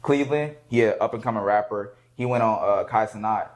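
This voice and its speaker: A man guest telling a story in a relaxed, animated way, often laughing and acting out the voices of the people he quotes. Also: fairly low pitch, fairly quick, rough recording. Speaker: rapper guest. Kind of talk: casual storytelling.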